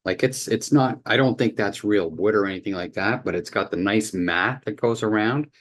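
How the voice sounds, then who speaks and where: Low-voiced man rambling about his photo prints. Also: normal speed. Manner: rambling, restarts sentences, easily impressed. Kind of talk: casual home video walkthrough.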